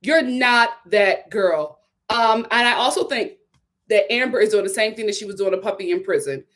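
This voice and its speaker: A woman's voice: medium pitch, fast, a bit bright. A woman giving a sassy, emphatic live review of a reality TV show, often repeating her points for effect.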